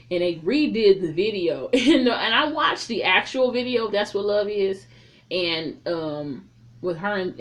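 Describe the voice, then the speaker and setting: A woman with a fairly low voice gives a relaxed, chatty recap of a film. She rambles through the plot with plenty of profanity and side comments. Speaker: reviewer. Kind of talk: casual recap.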